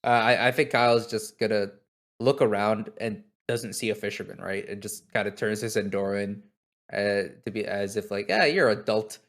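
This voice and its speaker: A man's voice: fairly low pitch, little pitch movement, moderate pace. A man playing in a tabletop game, chatting casually, joking and stammering on his starts. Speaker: player.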